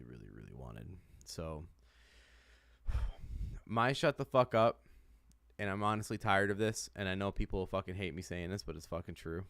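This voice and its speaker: A man from the United States, a podcast co-host, delivers a heated, profane sports rant, swearing heavily and repeating himself a lot. His voice is fairly low with a clean tone, on a dry recording.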